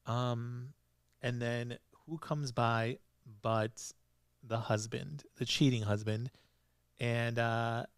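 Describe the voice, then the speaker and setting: A man's voice: mid-range voice, clear, resonant tone, no echo, studio quality. A young man hosting a solo podcast, chatting casually and laughing often as he recaps episodes. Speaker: podcast host.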